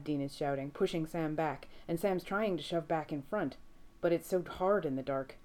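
A woman narrating a story aloud in a steady, measured reading voice. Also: low-pitched. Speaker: reader. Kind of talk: audiobook fiction reading.

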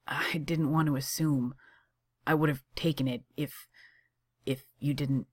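A woman's voice: a bass voice, fairly even intonation, normal speed, no echo. A woman doing a dry, firm young man. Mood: tender. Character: dry, fierce young man, sarcastic and steady.

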